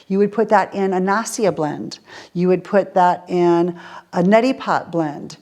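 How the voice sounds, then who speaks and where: A woman of medium pitch and darkish tone runs a casual question-and-answer session on essential oils for students, illustrating points with everyday examples and throwing out rhetorical questions.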